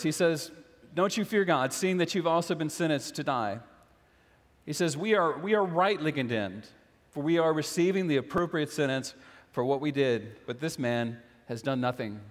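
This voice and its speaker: A man's voice: on the high side, in a large hall. A man preaching a sermon as a pastor, earnest and questioning, repeating phrases for emphasis.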